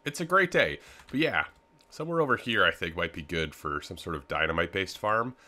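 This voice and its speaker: A man's voice: low-pitched, expressive, fairly quick, pushed and bright. A young man, rambling easily through casual game commentary with lots of filler words. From Canada. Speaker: gaming video host.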